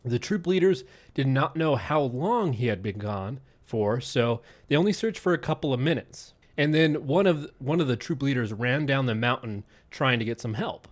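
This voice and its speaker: A man's voice: mid-range voice, normal speed, hardly any pauses. A man from Utah hosting a podcast, casually narrating a story. He swears freely and builds suspense. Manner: relaxed, profane, building suspense. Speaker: podcast host.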